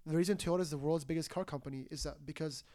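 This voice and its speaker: Chatty young man with a higher voice. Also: fairly even intonation, very fast, darkish tone. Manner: chatty, many fillers, nervous laughs. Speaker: podcast host. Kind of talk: casual chat.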